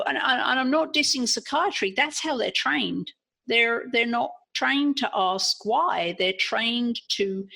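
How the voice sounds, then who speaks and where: English woman guest, gravelly, husky, earnest self-analyzer, restarts a lot. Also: mid-range voice, pushed and bright. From England. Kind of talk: candid personal storytelling.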